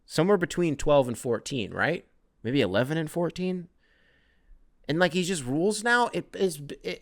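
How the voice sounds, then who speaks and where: A man's voice: mid-range voice, expressive, moderate pace, fairly bright tone, no echo, clean studio sound. A man hosting a casual solo sports podcast who rambles, swears freely, jokes and reads listener emails aloud. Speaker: podcast host.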